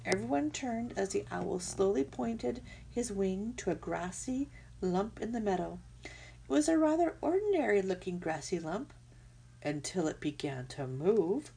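A woman narrating a children's storybook aloud in an expressive, lively way. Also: mid-range voice, unhurried, gravelly, slight background noise.

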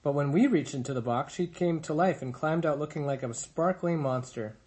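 A man's voice: a little high, moderate pace, a little mellow, natural voice. A man voicing a big, chatty female otter in a storybook reading, cheerful and talkative.

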